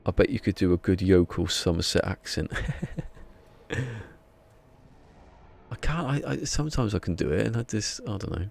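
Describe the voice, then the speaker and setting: Low-voiced and creaky with a darkish tone, this English-accented man is animated yet speaks at normal speed with long pauses. He's a little drowsy, rambling and chuckling on a live stream as he goes through the chat.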